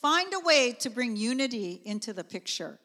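Middle-aged woman, chatty sermon, fairly high voice, long hall echo. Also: normal speed. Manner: conversational, animated storytelling with asides. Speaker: preacher. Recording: long reverb of a church hall.

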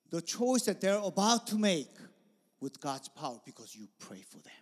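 A man preaching a sermon as pastor, animated, with sudden loud bursts. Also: on the high side, moderate pace, long reverb tail.

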